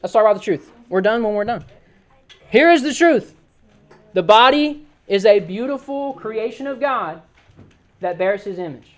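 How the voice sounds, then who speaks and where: A man giving an animated, joking sermon to a youth group as youth pastor, often telling the crowd to listen. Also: sits high, normal speed. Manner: casual everyday slang.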